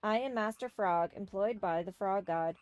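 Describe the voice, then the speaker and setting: A woman voicing a mystic frog sorceress who slips into ribbits, speaking slowly and in a hushed voice. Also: medium pitch, close to an everyday voice. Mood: mystical. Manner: croaks ribbits, slow and hushed.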